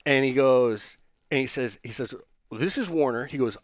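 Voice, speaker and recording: A man, a business owner telling a lively story in an interview, restarting sentences and acting out the people he quotes. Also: mid-range voice, normal speed, no echo, clean studio sound.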